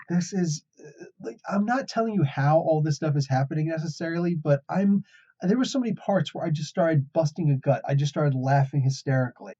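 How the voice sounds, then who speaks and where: A man's voice: fairly high pitch, dark tone. A man hosting a casual comic book review, an enthusiastic storyteller who chuckles as he recaps. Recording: dull lo-fi recording.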